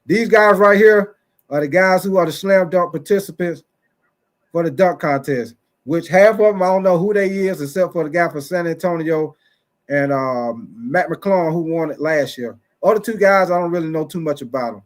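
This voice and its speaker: A man's voice: on the high side, normal speed. A man hosting a casual sports talk livestream, chatty and repetitive, calling out viewers from the chat by name. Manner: chatty, repeats phrases, talks straight to chat viewers by name; playful mock-preacher asides.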